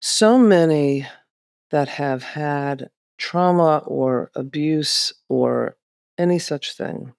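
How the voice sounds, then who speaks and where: A woman co-hosting a podcast, explaining things in a calm, reflective, therapeutic way. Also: low-pitched, extremely slow, vocal fry, no echo, clean studio sound. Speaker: podcast co-host.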